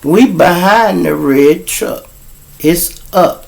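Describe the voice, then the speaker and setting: A man's voice: high voice, slow pace, vocal fry. A middle-aged man telling street stories outdoors to a live audience, blunt, profane and mocking. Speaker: show host and storyteller.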